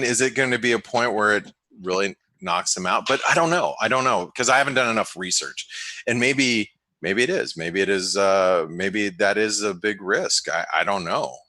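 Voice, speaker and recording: A man hosting a webinar, giving casual market commentary in a halting way, full of restarts and fillers. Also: on the low side, pushed and bright, no room sound. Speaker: webinar host and market analyst. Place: home office in the desert.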